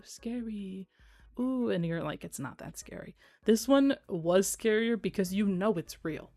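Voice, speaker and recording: A woman's voice: fairly low pitch, a little mellow. A young American woman chatting casually on a live stream, giggling often and repeating phrases for emphasis. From United States.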